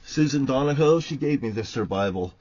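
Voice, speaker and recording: A man delivering an angry, profane, preachy monologue, swinging between loud outbursts and quiet threats. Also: medium pitch, lively intonation, a little fast. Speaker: online ranter. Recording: dull lo-fi recording.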